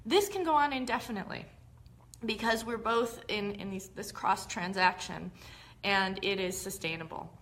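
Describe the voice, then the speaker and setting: A woman's voice: mid-range voice, normal speed, a bit bright. A woman hosting a live-streamed talk, explaining ideas in a conversational, explanatory way. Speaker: host.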